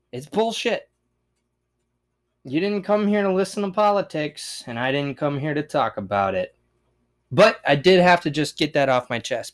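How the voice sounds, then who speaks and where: A young man hosts a casual solo podcast, ranting in a rambling, profane way. His pitch and loudness swing widely as he talks.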